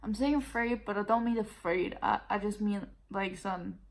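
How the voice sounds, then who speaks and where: A woman's voice: mid-range voice, fairly even intonation, moderate pace, vocal fry. A woman in her twenties, a native Danish speaker, venting casually to camera, blunt and profane, tired and nauseous. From Denmark. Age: 20s. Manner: blunt and profane, quoting others in raised voices. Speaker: vlogger.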